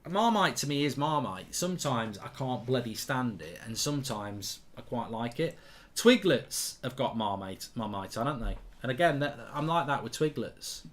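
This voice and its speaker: A man's voice: medium pitch, lively intonation, normal speed. A man hosting a live football watchalong, chatting bluntly and reading out viewer comments. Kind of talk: casual live-stream chat and commentary.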